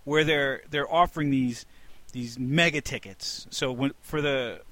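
A man hosting a casual podcast chat, animated and profane, who keeps asking the others what they think. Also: mid-range voice, unhurried, no echo.

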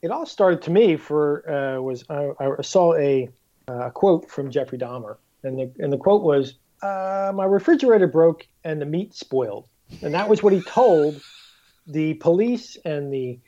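Male podcast guest, animated storyteller, mellow tone, slightly higher voice. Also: unhurried, muffled recording. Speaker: guest author. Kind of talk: casual podcast chat.

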